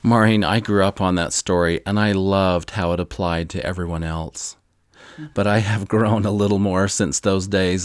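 A man speaks in an unhurried, earnest devotional talk, his voice sitting low. The sound is dry and close, with no room around it. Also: no room sound. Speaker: religious speaker.

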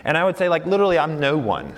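A male pastor giving an animated sermon, with emphatic rises and slow, deliberate readings. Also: a little high, big-room sound.

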